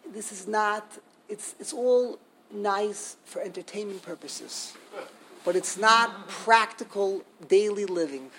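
A man's voice: high voice, slow pace, a bit bright, slight background noise, rough recording. An older man giving an informal Torah class, emphatic and indignant, repeating himself for stress. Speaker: Torah teacher.

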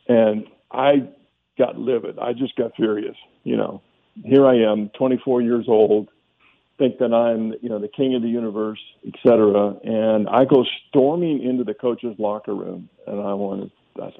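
A man's voice: lowish voice, fairly even intonation, moderate pace, gravelly. A man, a former football player, telling a candid story as a guest in a radio interview. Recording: tinny phone line.

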